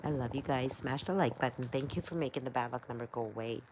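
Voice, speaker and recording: Low-voiced woman chatting on a livestream. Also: quick pace, darkish tone, slight background noise. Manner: scattered, playful, chatty. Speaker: livestream host reading chat. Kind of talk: casual livestream chat.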